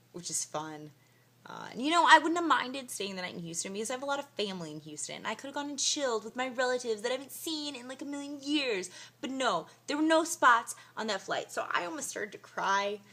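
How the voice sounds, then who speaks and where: A young woman with a medium-pitched voice vlogs casually to camera from a hotel room. She tells a story in a tired, emotional, yet animated way, peppered with fillers like "like" and "you know."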